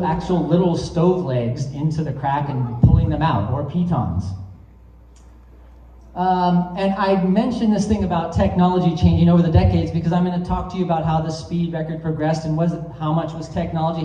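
A man's voice: a little high, mellow, slight background noise. Man giving a casual keynote in a roomy hall. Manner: casual, storytelling, many "um"s and "like"s. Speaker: keynote speaker. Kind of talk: live talk to an audience. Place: event hall. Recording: roomy, distant, dull sound.

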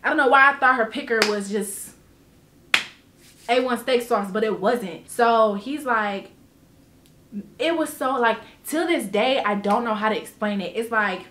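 Woman vlogger doing a storytime, kinda high voice, animated and emphatic, cusses a lot, echoey room. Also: unhurried, a little hiss or hum. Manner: animated, emphatic, swears freely. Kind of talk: casual storytime.

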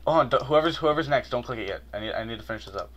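A man bantering and joking quickly with friends while playing a building game over voice chat. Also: mid-range voice, animated, fairly bright tone. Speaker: channel owner and player. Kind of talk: casual gaming banter.

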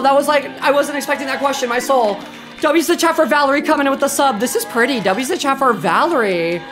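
A woman's voice: high voice, sing-song, moderate pace. A young woman live-streaming a game, chatting with her chat, a little tipsy, swearing and shrieking when startled. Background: game music.

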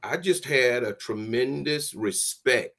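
A man's voice: mid-range voice, slow, vocal fry. Older man telling a story. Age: 60s. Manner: animated storyteller with laughs, folksy Southern phrasing. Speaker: guest, former football player. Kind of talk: storytelling interview.

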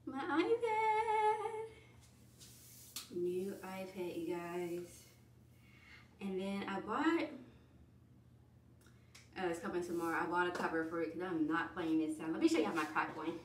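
Woman vlogger, rambling and chatty, lowish voice, faint hiss behind her. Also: moderate pace, pauses often, far from the mic. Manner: chatty, rambling, animated storytelling. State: out of breath. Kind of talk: casual vlog chat. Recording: echoey room, voice off-mic, faint hiss.

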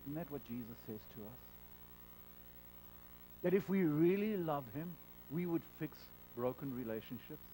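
A man preaching a sermon as pastor, earnest, stumbling over repeated words as he stresses a point, and dropping to a soft hush on solemn lines. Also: a little high, lively intonation, moderate pace, pauses often, slight background noise, low-quality recording.

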